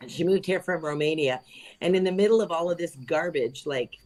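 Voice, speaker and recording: A woman's voice: low voice, brisk, a little mellow. A woman on a livestream panel, talking casually and chattily, laughing often and trailing off mid-sentence.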